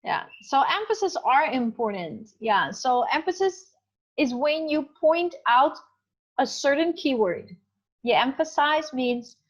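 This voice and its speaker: A woman teaching an English class over a video call, chatty and encouraging, often checking that students follow. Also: a little high. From Indonesia. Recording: dull muffled video call audio.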